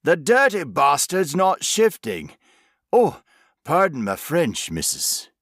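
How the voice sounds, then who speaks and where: A man voicing a gruff old rural English laborer with an English country accent, blunt and given to cursing. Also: on the high side, wildly swooping pitch, takes it slowly, fairly bright tone, dry recording, clean studio sound, pitched above the performer's own voice, heavily acted.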